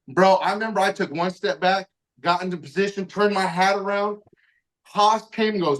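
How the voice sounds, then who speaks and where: This podcast host's voice is high, expressive and a bit bright, moving at a moderate pace. Into his podcast mic he casually recounts a story, cursing heavily and acting out what people said.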